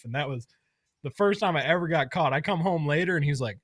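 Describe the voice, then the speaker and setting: A young man from Michigan telling a story in casual chat, animated and swearing, acting out the voices of others. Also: a little high, normal speed, long pauses, no echo, clean studio sound. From Flint, Michigan. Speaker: podcast guest.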